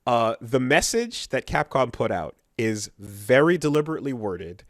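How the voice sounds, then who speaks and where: Relaxed man with a dry, rambling voice. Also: mid-range voice, moderate pace, no room sound. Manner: laid-back, rambling, swears, mock voices in quotes. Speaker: podcast co-host. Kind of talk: casual banter.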